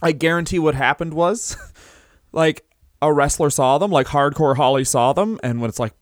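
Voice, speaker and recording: A man co-hosting a comedy podcast talks in a slightly high voice. He riffs freely and swears often, in a dry, close recording. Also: moderate pace, no echo. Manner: riffing, profane, jumps into mock voices. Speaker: podcast co-host. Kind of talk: casual comedic chat.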